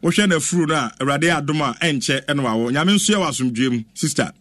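Man, Ghanaian accent, radio presenter, animated, exclaiming, fairly high voice, dry studio. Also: fast talker, no echo. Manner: animated, exclaims and chants, mixes English with Twi. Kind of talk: lively radio chat reacting to videos.

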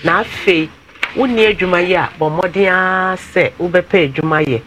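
A man hosts a talk show, his voice pitched fairly high for a man. He moves from handing out advice to questioning his guest, and a steady noise sits under the recording. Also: moderate pace. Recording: noisy studio recording.

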